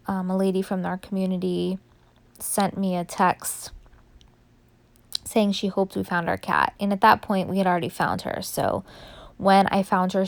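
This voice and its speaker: Chatty woman, gravelly voice. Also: medium pitch, a little mellow, dry recording. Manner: chatty, rambling, many fillers. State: sleepy, yawning. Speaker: scrapbooking video creator. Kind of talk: casual voiceover narration. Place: home, late at night. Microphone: voice-over.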